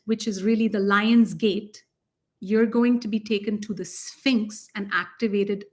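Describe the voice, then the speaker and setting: A woman co-hosting a spiritual talk, gushing with excitement and laughing often. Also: mid-range voice. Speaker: spiritual teacher and co-host. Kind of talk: casual chat.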